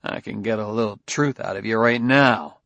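A man voicing a shrewd male detective who presses a suspect in a firm, measured, needling way. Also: fairly low pitch, a bit bright, no echo. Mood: probing.

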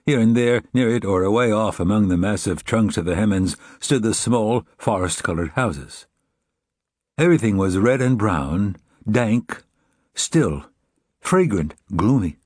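Male audiobook narrator, low and slightly husky voice, dry close recording, measured reflective read. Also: animated, darkish tone, no echo. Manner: measured, reflective, evenly paced reading. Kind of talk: scripted narration.

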